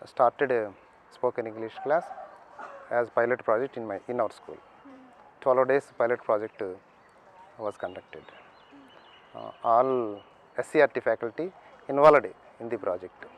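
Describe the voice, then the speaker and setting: A man explains his school's program in a slow, halting way, often pausing mid-phrase. His pitch sits in the middle range. Faint outdoor noise is heard behind him. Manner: halting, many fillers and restarts. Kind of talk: interview statement.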